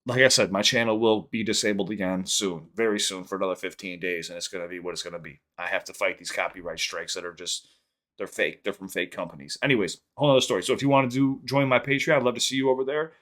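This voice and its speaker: A man hosting a reaction channel, rambling through a story and quick sign-off plugs in casual chat. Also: deep voice, fairly bright tone.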